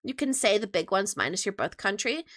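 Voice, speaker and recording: A woman's voice: medium pitch, sing-song, brisk, fairly bright tone. A young woman streamer chatting casually with her viewers, playful and teasing as she answers questions.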